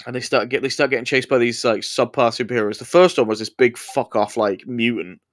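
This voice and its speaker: A man's voice: mid-range voice, fairly quick, no echo. A young man co-hosts a podcast in easy, casual chat. He rambles and swears a lot, joking along. His voice sounds dry and close to the mic. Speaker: podcast co-host.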